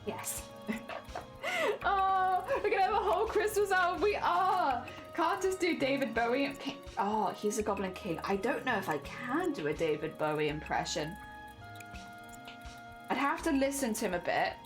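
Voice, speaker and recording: Woman streamer, high-pitched voice, chatty and self-deprecating, faint music underneath. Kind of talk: casual live-stream chat.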